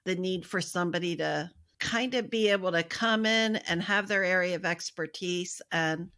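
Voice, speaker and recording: A woman's voice: fairly low pitch, moderate pace. An American woman co-hosting a podcast, who speaks in an effusive, grateful way. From United States. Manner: effusive, warm thanks. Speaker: podcast co-host. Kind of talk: casual chat.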